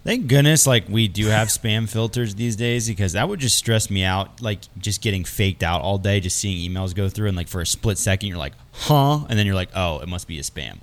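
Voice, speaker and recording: A man's voice: lowish voice, fairly quick, hardly any pauses. A man co-hosting a podcast, rambling in casual chat with many fillers. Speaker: podcast co-host.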